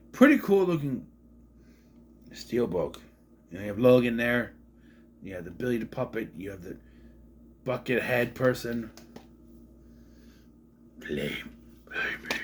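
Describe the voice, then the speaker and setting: A man's voice: mid-range voice, slightly rough. A man casually showing off his film collection on camera, rambling, joking and swearing now and then. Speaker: collection vlogger. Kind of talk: casual show-and-tell chat.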